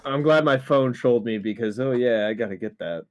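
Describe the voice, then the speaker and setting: A man hosting a gaming podcast, chatting casually and swearing often. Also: medium pitch. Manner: lively, swears and laughs often. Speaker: podcast host. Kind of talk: casual chat.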